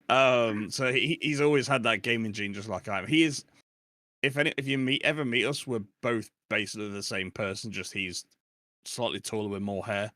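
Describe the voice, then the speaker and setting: A man's voice: fairly low pitch, moderate pace, bright, forceful tone, dry recording, studio quality. A man in his forties, chatting casually and laughing often as a podcast guest. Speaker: guest streamer.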